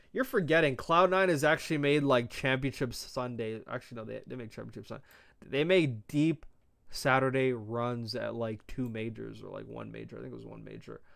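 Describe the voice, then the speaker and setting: A young man in the middle of an esports stream, picking apart a match for his viewers. His voice sits at a plain middle pitch, and his delivery is mostly flat and monotone, as he says himself. His speech is casual and slangy, full of swearing. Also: creaky, dry recording. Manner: loose, profane, slangy chatter, calls his own voice monotone.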